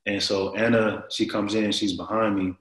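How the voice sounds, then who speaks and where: A man in his forties telling a long story as an interview guest, rambling and animated, with many fillers. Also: fairly low pitch, moderate pace, roomy sound, low-quality recording. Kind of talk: casual storytelling.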